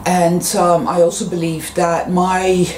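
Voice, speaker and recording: A woman's voice: lowish voice, level tone, a little slow, a little mellow. Rambling frank woman vlogging at home. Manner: rambling, frank, swears freely, laughs at own jokes. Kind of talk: casual monologue to camera. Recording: roomy echo, faint background noise.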